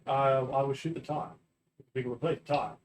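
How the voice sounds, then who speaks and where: A man's voice: mid-range voice, fairly even intonation, a little fast, distant mic, slight background noise. A man playing in a tabletop game, thinking aloud hesitantly about his moves. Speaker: player. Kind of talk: casual chat at a tabletop game.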